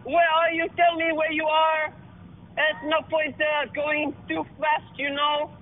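A man's voice: very high-pitched, completely flat delivery, voice pushed up. A man voicing a smug, boastful male cyclist rival, over a phone line. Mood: smug taunting. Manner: taunting, drawn-out mock accent.

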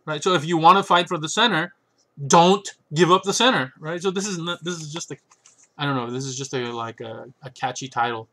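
A fairly high-pitched man with a pushed, bright voice reviews chess books in a casual solo talk. He rambles about his books, adds sarcastic asides, and asks "right?" often.

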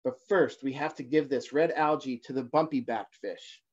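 A man voicing a brave young male fish in a storybook reading, earnest and steady. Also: mid-range voice, moderate pace, husky, lightly acted. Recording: dull lo-fi livestream audio.

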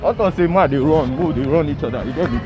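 A man's voice: on the high side, fast, loud music behind the voice. Flirty man talking on the street. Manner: flirty, casual, mixes Nigerian pidgin with London slang. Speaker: prank video host. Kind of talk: street prank chat. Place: outdoors on a city street.

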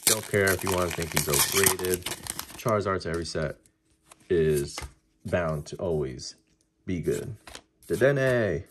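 A man casually talking through a card-opening video, chatty and excitable as he reacts to each pull. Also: low-pitched, a little slow, long pauses, a little hiss or hum.

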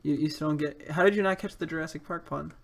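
A man's voice: a little high, fast talker, vocal fry. A young man playing an online game and chatting with a friend, joking and teasing with sudden yelps. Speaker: gaming YouTuber. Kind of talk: casual gaming chat.

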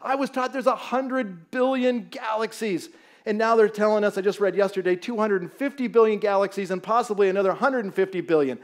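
A man's voice: high-pitched, a little fast. A middle-aged man from Southern California, a guest pastor giving a humorous, storytelling sermon in a church. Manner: animated, storytelling, jokes with the audience. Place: church sanctuary.

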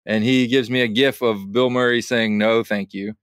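A man on a podcast as a guest, telling a story in a lively way, acting out both sides of an exchange and laughing often. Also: mid-range voice, moderate pace, smooth, dry recording. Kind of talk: casual podcast conversation.

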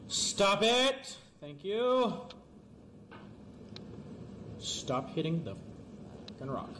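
A man giving let's-play commentary, talking fast and excitably and pleading and yelling at the game. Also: sits high, slight background noise. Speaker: gamer.

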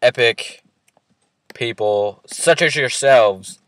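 Slow-talking, teasing gamer guy. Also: medium pitch, fairly bright tone, dry recording. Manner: teasing, joking, in a put-on accent. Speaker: host. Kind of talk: casual gaming chat.

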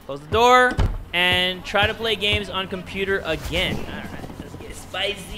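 A man's voice: high-pitched, lively intonation, moderate pace, over music. A man doing jokey let's play commentary, talking to the game characters and yelping at jump scares. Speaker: gaming video creator.

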